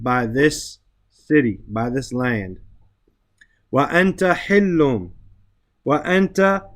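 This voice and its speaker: A man teaching an Arabic and Quran class, explaining grammar patiently, often checking with "right?", reciting verses and then translating them. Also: fairly high pitch.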